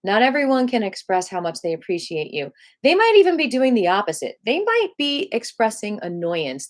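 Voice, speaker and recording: A woman teaching a live qigong class from home, guiding her listeners in a slow, soothing, reflective way. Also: mid-range voice, big pitch swings.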